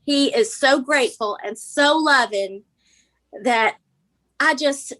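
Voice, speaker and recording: A woman's voice: high voice, slow pace, fairly bright tone. A woman giving earnest, pleading testimony at a public hearing. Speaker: dog adopter testifying at a hearing.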